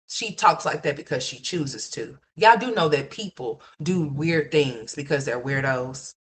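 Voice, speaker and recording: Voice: mid-range voice, animated, unhurried, fairly bright tone, a little hiss or hum. Livestream commentary host: blunt, profane gossip rant aimed at the audience, mid-range voice. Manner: blunt, profane, repetitive, talks straight to viewers. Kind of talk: ranting gossip commentary to live chat.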